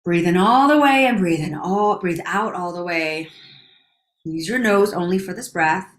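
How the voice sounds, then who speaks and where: Calm woman guiding breathing, echoey room. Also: on the low side. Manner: calm, slow counting of breaths, dropping to near whispers. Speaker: breathing instructor. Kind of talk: guided breathing exercise.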